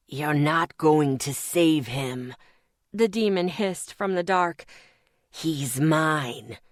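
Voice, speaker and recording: A woman reads a dark paranormal audiobook in first person, unhurried and deliberate. Her delivery is measured and intense, pulled along by the emotion of the scene. The sound is close and dry, straight from a booth. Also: medium pitch, dry recording. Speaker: audiobook narrator.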